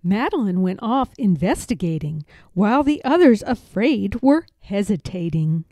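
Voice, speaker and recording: A woman reading a rhyming children's book aloud in a rhythmic, steady way. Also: mid-range voice, measured pace, no echo. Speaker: storybook reader.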